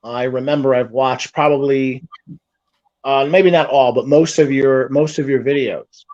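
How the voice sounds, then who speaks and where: A man hosting a casual video-call interview, speaking haltingly and often restarting his sentences. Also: medium pitch, steady tone, darkish tone, no echo. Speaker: host. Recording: dull lo-fi call audio.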